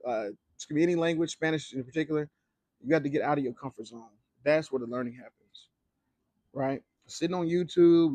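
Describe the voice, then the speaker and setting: Young man, casual vlog talk, slangy and swearing, slightly high voice, dry close sound. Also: dry recording. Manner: loose, slangy and profane, with lots of fillers. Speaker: Spanish teacher and vlogger. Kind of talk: casual talking-to-camera advice. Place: living in Mexico.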